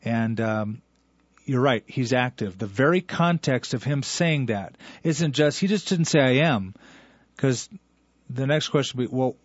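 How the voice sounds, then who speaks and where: A man's voice: medium pitch, expressive, unhurried, no echo, dull audio. A man teaching as a radio Bible host, explaining a verse to a caller in an earnest, lecturing way.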